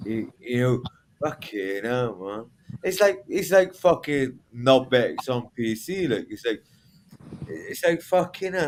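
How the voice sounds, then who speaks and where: A man's voice: medium pitch, very animated, slow, slight background noise, poor audio. Rambling foul-mouthed man. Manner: swears constantly, rambling, trails off. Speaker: chat participant. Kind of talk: casual group chat online.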